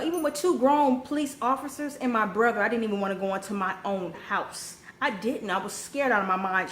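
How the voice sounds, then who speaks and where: Young woman, storytime vlogger, higher voice, blunt and salty, heats up fast; echoey home room. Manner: blunt, profane, animated storytelling with sudden rises. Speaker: vlogger telling a personal story. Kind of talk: casual storytime monologue. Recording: echoey room with faint background noise.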